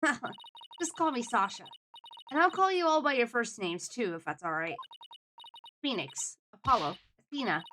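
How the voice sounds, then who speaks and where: A woman's voice: a little high, expressive, unhurried, fairly bright tone, slight background noise. A woman reading an earnest young showgirl. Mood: pleading. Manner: earnest, pun-loving. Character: upbeat young woman performer, pleading for a friend. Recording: game music behind.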